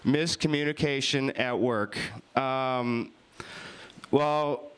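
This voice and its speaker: A man's voice: mid-range voice, steady tone, drawn-out words. A young man doing an improvised stand-up set, rambling and swearing and laughing at his own stories. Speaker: improv comedian. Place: winery comedy show with live audience.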